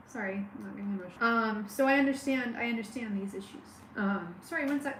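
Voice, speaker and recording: A woman giving a live tarot reading on a stream, speaking warmly and straight to the viewer, with many halting restarts and fillers. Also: on the high side, roomy sound, noisy background. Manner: warm, personal, talks straight to the viewer. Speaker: tarot reader.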